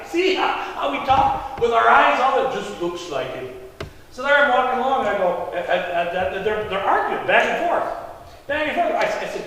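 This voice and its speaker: A man, a pastor, acting out in the first person a young man healed of blindness, animated and laughing as he tells the congregation his story. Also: sits high, normal speed. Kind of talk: first-person dramatic monologue. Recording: echoey hall, voice from a distance.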